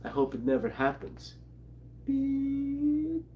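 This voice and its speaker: A man's voice: medium pitch, a little slow, muffled recording. A man casually recapping a comic book in a rambling way, reading character lines aloud and laughing along. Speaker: comic channel co-host.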